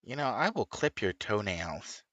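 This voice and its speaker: A man chatting casually as he plays a game, rambling with sudden high excited whoops. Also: a little slow, dry recording, dull audio. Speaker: gaming streamer. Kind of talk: casual chat while playing.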